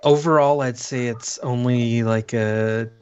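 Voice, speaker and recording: A man guest on a podcast, giving measured opinions in casual chat. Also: medium pitch, steady tone, darkish tone, highs cut off.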